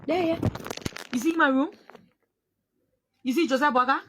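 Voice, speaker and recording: A woman's voice: high voice, moderate pace, a bit bright, slight background noise. A grieving Liberian mother giving an impassioned, accusing public statement, repeating her phrases and close to tears.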